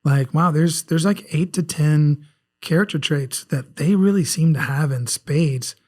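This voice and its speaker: Guy from south carolina, faint southern twang, rambly and candid, kinda high voice. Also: unhurried, a little mellow. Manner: rambling, frequent restarts, candid and self-reflective. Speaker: guest author. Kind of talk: casual podcast conversation.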